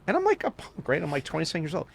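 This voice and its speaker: On the high side and very fast, this man's voice has vocal fry, with slight background noise in the clip. As a podcast guest he tells long, animated stories in casual chat, full of "like" fillers and quoted voices.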